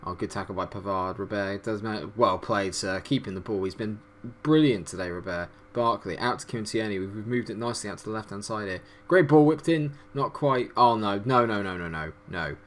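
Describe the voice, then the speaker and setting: Excitable lad, lowish voice. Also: male voice, brisk. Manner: excitable, swearing, frustrated outbursts. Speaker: gaming YouTuber. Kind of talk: let's-play commentary.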